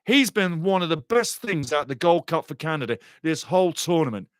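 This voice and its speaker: Guy doing hyped fan soccer commentary, kinda high voice, goes from muttering to yelling, dry close sound. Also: a little fast, no echo. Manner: excitable, swings from muttering to shouting. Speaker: live watchalong commentator.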